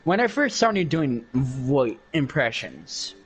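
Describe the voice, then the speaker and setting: A man's voice: medium pitch, sing-song, takes it slowly, husky. A young man chatting casually while gaming, boastful and rambling, with many fillers. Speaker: game streamer doing impressions.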